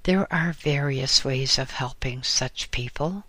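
A man reading a book aloud in a measured, deliberate way. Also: mid-range voice, a bit bright, no room sound. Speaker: narrator. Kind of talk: audiobook reading.

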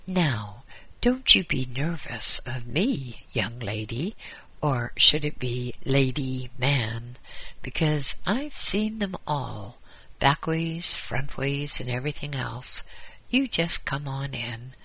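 A man's voice: mid-range voice, lively intonation, takes it slowly, sharp tone, breathy edge, dry recording, full character voice. Man playing a chuckling old angel. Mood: teasing. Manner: chuckling, folksy. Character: genial teasing old male angel gatekeeper.

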